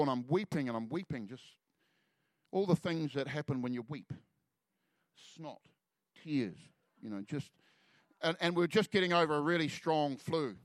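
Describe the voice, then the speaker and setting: A man gives a sermon testimony, his voice sitting a little high and recorded dry and close. He speaks earnestly, with halting restarts and phrases that fall away to near quiet before he presses on. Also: no echo. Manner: earnest storytelling, halting restarts, soft drops in volume. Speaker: preacher.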